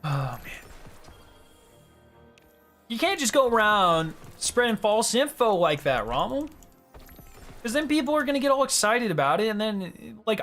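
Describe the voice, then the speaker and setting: A man's voice: high voice, sharp tone. A young man streaming a game, chatting casually with his viewers, joking and swearing as he laughs often. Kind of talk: casual live-stream chat.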